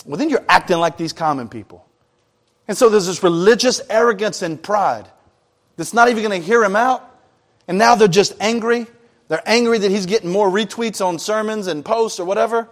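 A pastor with a high voice preaches at a moderate pace, mixing scripture readings with loose, conversational asides and casual slang.

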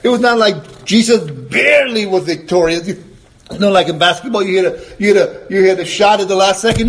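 High-voiced preacher delivering an emphatic sermon. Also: male voice. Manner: emphatic, rising to high exclamations, asks the congregation questions; quotes scripture in a slower, lower voice.

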